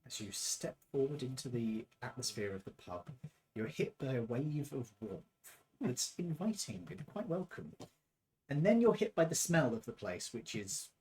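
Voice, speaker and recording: A man serving as game master, describing scenes in a relaxed, descriptive way. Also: mid-range voice, normal speed, slight background noise. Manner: descriptive, relaxed, with filler ums. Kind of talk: narrating a tabletop game.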